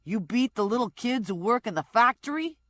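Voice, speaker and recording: A woman voicing a crude, rude man with a gruff manner. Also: a little high, expressive, brisk, a bit bright, dry recording, clean studio sound, voice pushed up. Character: crude, rude male thug waiting in a car.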